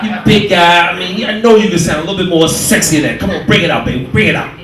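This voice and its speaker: A man doing live stand-up crowd work, loud and teasing and laughing through his lines, heard from a comedy club stage. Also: high voice, fast. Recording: echoey venue from far off, loud crowd.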